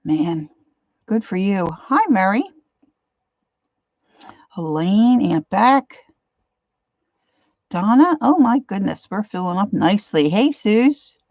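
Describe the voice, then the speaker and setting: A woman's voice: medium pitch, animated, takes it slowly, long pauses, darkish tone, no room sound, muffled recording. An older woman hosting an art livestream, chatting casually, greeting viewers by name and getting a little emotional. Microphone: computer mic, set far from her face.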